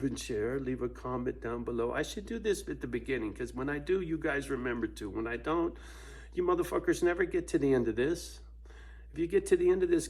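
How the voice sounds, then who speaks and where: Cussing ranting dude vlogging from home, husky voice, keeps laughing. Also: male voice, medium pitch. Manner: profane, ranting, laughs often. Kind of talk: casual rant to camera. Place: at home with his dog.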